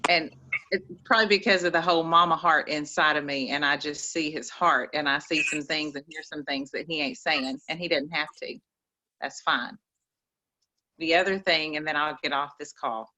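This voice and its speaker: A woman's voice: low-pitched, fairly even intonation, normal speed, pushed and bright, rough recording. A woman with an East Texas accent giving folksy, preachy motivational advice on a group call. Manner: folksy, preachy, says y'all.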